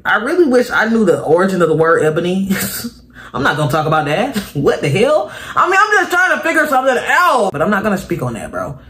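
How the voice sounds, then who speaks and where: Young male reaction host, high voice, exasperated casual riffing at a home mic. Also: brisk, slight background noise. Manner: animated, exasperated, tosses in "bro" constantly.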